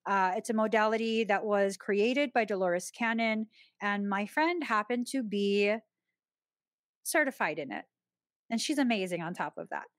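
A woman hosting a podcast, telling a personal story in a chatty, expressive way and often laughing. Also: medium pitch, normal speed, no room sound. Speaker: podcast host.

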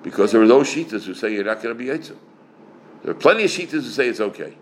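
An older man, a rabbi, answering questions on Jewish law in an emphatic, animated way, dropping Yiddish and Hebrew words. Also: mid-range voice, racing, reverberant, slight background noise, low-quality recording. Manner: animated, emphatic, swings his voice up sharply for stress.

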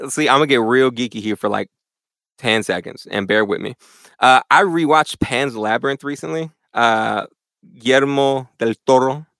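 A young man chatting casually as a guest in a church interview, animated and full of slang. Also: medium pitch, gravelly, dry recording. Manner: animated, slangy, says "bro" a lot. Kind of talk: casual chat.

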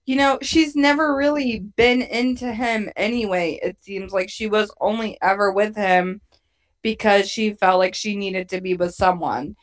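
Woman podcast co-host, casual recap chat, animated delivery with frequent swearing. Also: mid-range voice, a little slow. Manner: animated, swearing, acts out quotes.

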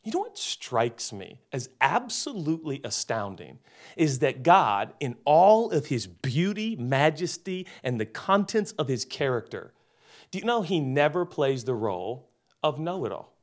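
A man in his forties preaching a comedic sermon, animated and jokey, turning earnest. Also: fairly high pitch, unhurried. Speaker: pastor.

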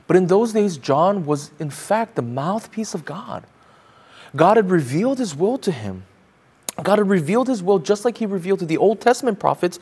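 A man's voice: high voice, a little mellow, husky. A man preaching a sermon as pastor, emphatic, repeating phrases and asking the congregation pointed rhetorical questions.

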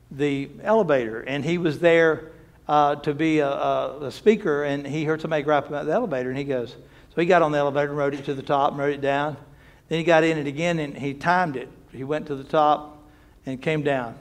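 A man preaching a sermon, telling stories in a folksy, conversational way and often repeating words. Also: fairly high pitch. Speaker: pastor. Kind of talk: sermon with storytelling.

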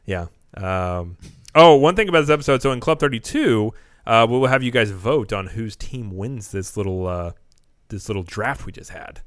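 Co-hosting a podcast, a man chats casually, rambling, joking, and often correcting himself mid-sentence. His fairly low voice has lively intonation and a fairly bright tone at a moderate pace, recorded at studio quality with no echo.

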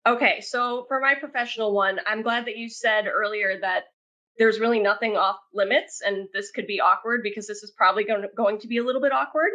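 A woman guest on a podcast telling stories casually, chatty and expressive. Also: medium pitch, fairly quick. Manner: chatty, talks with her hands, many "like" fillers. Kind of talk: casual storytelling.

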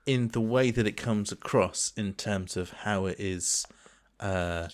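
A man's voice: on the low side, slow. A man in casual chat as a co-host, talking earnestly in long, searching sentences. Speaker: podcast co-host.

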